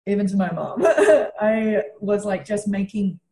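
A woman's voice: medium pitch, lively intonation, a little slow, warm tone, a little hiss or hum. An Australian woman from Western Australia, a young comedian animatedly telling a story in a casual chat, swearing freely and acting out quotes. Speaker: comedian guest. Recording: roomy echo.

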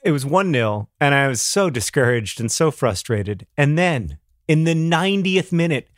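A middle-aged man co-hosting a podcast in casual chat, rambling and playful, quick to laugh. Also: a little high, sing-song, no echo, studio quality. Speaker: podcast co-host.

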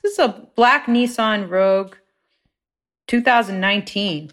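Female comedy podcast guest, mid-pitched, deadpan and blunt, swears casually. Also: measured pace. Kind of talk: improvised comedic banter.

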